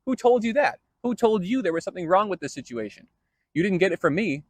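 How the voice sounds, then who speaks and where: A man's voice: high voice, lively intonation, quick pace, no echo, pitched above the performer's own voice. Man acting an exasperated, incredulous God. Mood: indignant. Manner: incredulous, scolding questions.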